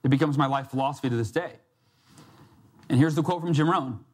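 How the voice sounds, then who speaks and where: A man with a medium-pitched, brisk delivery works as a success coach and speaker. He's addressing a live audience with a motivational talk, recounting something personal and dramatizing the voices in it.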